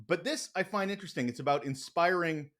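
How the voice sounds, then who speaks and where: A man's voice: on the high side, fast. A man hosting a workplace podcast, introducing his guest with playful asides. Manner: lively, playful delivery with asides. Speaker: podcast host. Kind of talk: podcast interview.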